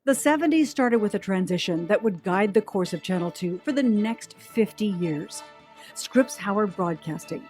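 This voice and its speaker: A woman news anchor giving measured, polished documentary narration. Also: medium pitch, darkish tone.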